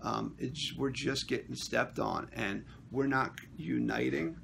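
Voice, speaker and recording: A man's voice: medium pitch, slow, creaky, background noise. A man, an actor and union member, recapping a meeting in a casual vlog, acting out what others said as he tells it. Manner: animated storytelling, acting out quotes.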